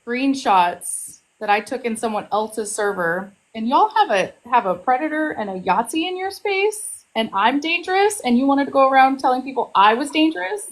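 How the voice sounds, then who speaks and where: A woman's voice: high voice, lively intonation, moderate pace, hardly any pauses, rough recording. Aggrieved woman in voice chat. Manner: aggrieved, complaining. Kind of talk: online voice-chat conversation.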